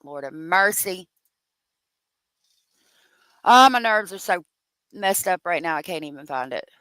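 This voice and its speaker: Woman host for unscripted true crime commentary: lively pitch that swings hard, bright edge, swearing and worked-up. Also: a little slow, no room sound, rough recording. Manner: profane, exasperated ranting.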